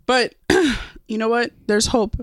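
A woman's voice: on the high side, slow, no echo, clean studio sound. A woman co-hosting a casual podcast, ranting with heavy swearing and bursts of laughter. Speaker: podcast co-host.

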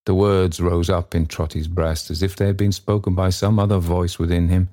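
A deep, mellow male voice narrates a classic story. His reading is measured and theatrical, with a warm, dark tone. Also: level tone. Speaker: audiobook narrator.

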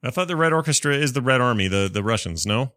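A man's voice: mid-range voice, animated, fast talker, a bit bright, no room sound, studio quality. A man co-hosting a casual gaming podcast, giving blunt, opinionated remarks. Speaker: podcast co-host.

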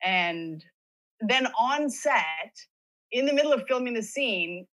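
A woman's voice: fairly high pitch, lively intonation, takes it slowly, a bit bright, low-quality recording. A woman guest in a casual chat, telling stories and acting out what others said. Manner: chatty storyteller, acting out others' words.

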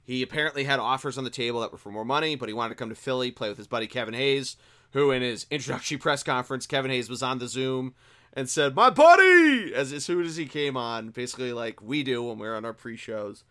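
A man hosts a casual sports podcast, running through the news in a loose, conversational style with fillers, restarts and self-corrections. His mid-range voice is fairly bright, with fairly even intonation and a quick pace.

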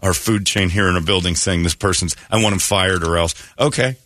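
A man's voice: low voice, steady tone, fairly quick, background noise. A man hosting a radio morning show, ranting sarcastically in a talk radio monologue.

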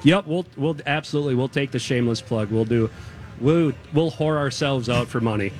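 Fast-talking joking man guest. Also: mid-range voice, a little mellow, soft background music. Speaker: reptile show guest. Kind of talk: casual radio interview.

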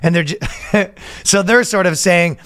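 A man's voice: high-pitched, unhurried, a bit bright, no echo. A man co-hosting a comedy podcast, telling crude jokes in casual chat. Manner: jokey, breaks into mock preacher voices. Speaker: podcast co-host.

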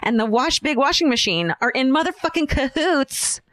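A woman co-hosting a podcast in casual chat, animated and swearing freely. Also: sits high, moderate pace, no room sound, clean studio sound. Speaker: podcast co-host.

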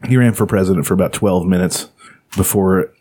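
A man's voice: sits low, fairly quick, mellow. A man co-hosting a casual comedy podcast, reading out a list of names with sarcastic jokes in between. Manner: reads out a list with sarcastic asides.

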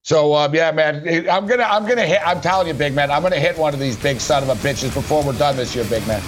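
Man, middle-aged, sports radio host, blunt rambling talk, slightly high voice, faint music behind. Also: fast. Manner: rambling, blunt, keeps saying "big man". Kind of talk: casual sports betting talk.

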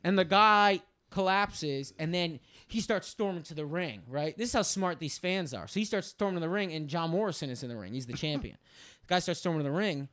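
High-pitched guy on a podcast, rambling story, swears a lot. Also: a little fast. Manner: animated rambling storyteller, swears freely, many fillers. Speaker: podcast co-host.

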